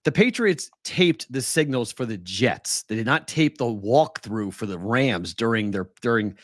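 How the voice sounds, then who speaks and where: Male podcast co-host, mid pitch, dry close mic, excited restarts. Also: unhurried, no echo. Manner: animated storytelling with many restarts and laughs. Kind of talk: casual sports chat. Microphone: remote video call.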